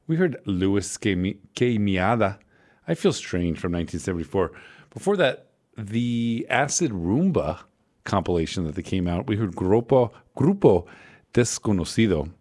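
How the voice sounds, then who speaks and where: A man's voice: fairly low pitch, very animated, normal speed, a little mellow. A man working as a radio DJ, back-announcing records in a casual, rambling way, often correcting himself and making wry asides.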